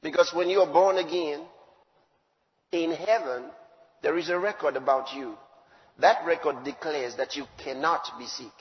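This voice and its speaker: High-voiced preacher in an echoing hall. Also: male voice, moderate pace, lo-fi sound. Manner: emphatic, swinging from loud declarations to low asides. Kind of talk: sermon.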